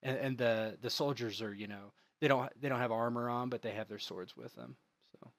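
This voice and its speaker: A man's voice: medium pitch, steady tone, moderate pace, creaky, dry recording. A man narrating as game master, rambling and restarting while he describes the scene. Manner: rambling, with many fillers and restarts.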